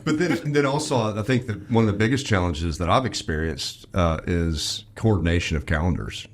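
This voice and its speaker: A man's voice: sits low, moderate pace. A man who runs a podcast studio, chatting casually as a guest on a podcast and explaining things with plenty of fillers. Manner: talkative, explains with many fillers. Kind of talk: casual chat.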